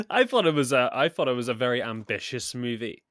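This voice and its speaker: Very animated and talking a little fast, a man with a mid-range, slightly bright voice co-hosts a podcast. He's a bit sick, rambling casually about a film with frequent laughter and many restarts, in a dry, clean studio recording.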